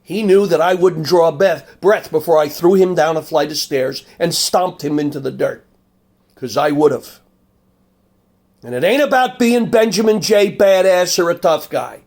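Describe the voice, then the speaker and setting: An older man commenting on a video clip in a blunt, combative monologue, dropping low and quiet when he turns menacing. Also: moderate pace. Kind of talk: angry monologue with storytelling.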